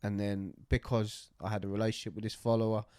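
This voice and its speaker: A man's voice: lowish voice, flat delivery, fast talker, darkish tone, clean tone, no room sound, clean studio sound. A man co-hosting a podcast, casual chat, rambling and jokey with loose swearing. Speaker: podcast co-host.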